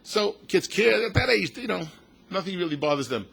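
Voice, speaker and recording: A man's voice: high-pitched, a little fast, creaky, slightly rough. An older man, a rabbi telling stories in a passionate talk, acting out quotes and mixing in Yiddish and Hebrew words. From United States. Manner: animated storyteller, acts out quotes, mixes in Yiddish and Hebrew words. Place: synagogue event hall.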